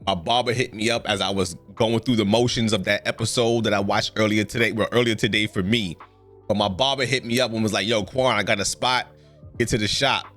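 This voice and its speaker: A man's voice: lowish voice, steady tone, brisk, a bit bright, faint music behind. A man hosting a reaction video, talking casually and often breaking into exclamations. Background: show audio playing.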